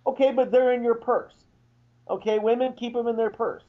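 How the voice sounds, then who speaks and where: Indignant high-voiced man ranting on radio. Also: fairly even intonation, fairly quick, lo-fi sound. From Irish heritage. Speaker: radio show co-host. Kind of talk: casual radio banter.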